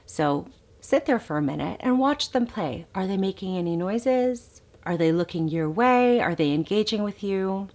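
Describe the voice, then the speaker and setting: Woman speech therapist, calm instructional delivery, sing-song when modeling sounds. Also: medium pitch, moderate pace. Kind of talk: instructional talk to parents.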